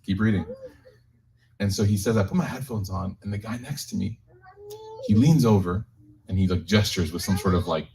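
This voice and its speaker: Low-voiced man telling a story to a group. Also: creaky, low-quality recording. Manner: animated, joking storyteller who shifts into slow closing prayer. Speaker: imam. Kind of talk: storytelling religious talk to a live group. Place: community gathering room with listeners.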